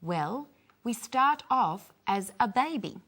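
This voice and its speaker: A woman teaching English phrases, clearly modelling each one for learners to repeat. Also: a little high, lively intonation, slow pace, a bit bright. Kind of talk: slow teaching with repeat-after-me drills.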